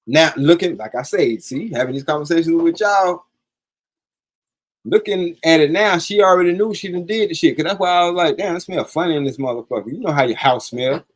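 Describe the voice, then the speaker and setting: Guy telling a wild story on a live stream, swears a lot, kinda high voice, acts out everybody's lines. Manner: profane, animated, acts out quoted dialogue.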